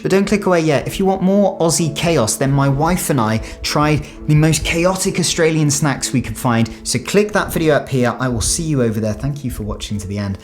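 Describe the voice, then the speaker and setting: An English man hosting a casual reaction video, chatty and reflective as he muses aloud. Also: medium pitch. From England. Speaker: YouTube reaction host.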